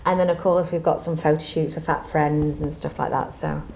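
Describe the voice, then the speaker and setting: A woman's voice: low voice, fairly even intonation, moderate pace, vocal fry, darkish tone. A woman with a northern English accent, a musical theatre performer chatting in a bubbly, self-mocking way in a theatre. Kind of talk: casual interview chat.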